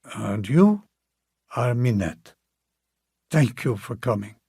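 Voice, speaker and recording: A man voicing a courteous, slightly shy old gentleman in an audiobook, speaking softly with formal, old-fashioned phrasing. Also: medium pitch, very animated, takes it slowly, husky, no echo, clean studio sound, full character voice. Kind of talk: audiobook character reading.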